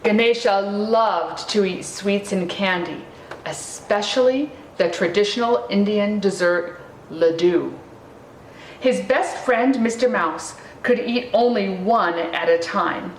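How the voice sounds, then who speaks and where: Woman, picture book read-aloud, slow lively delivery, roomy echo, mic at a distance. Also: medium pitch, a little hiss or hum. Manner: slow, expressive storytelling. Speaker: reader.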